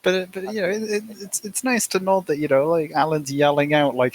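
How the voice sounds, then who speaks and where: A man's voice: on the high side, fairly even intonation, a little fast, hardly any pauses, low-quality recording. A man co-hosting a casual podcast, rambling through hesitant asides and teasing the others. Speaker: podcast co-host. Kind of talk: casual chat.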